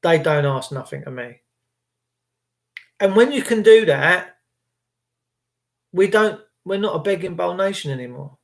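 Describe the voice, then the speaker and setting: Brief: male vlogger, fairly high voice, fervent and repetitive, preaching self-reliance. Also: lively intonation, a little slow, vocal fry, long pauses. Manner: impassioned, rambling, repetitive. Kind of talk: motivational monologue.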